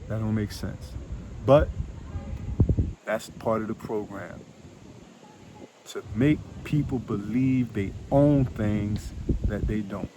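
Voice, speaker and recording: Man, financial coach, emphatic and repetitive, mid-pitched, outdoor traffic noise behind. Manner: repetitive, emphatic, rhetorical questions. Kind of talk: casual talk to camera.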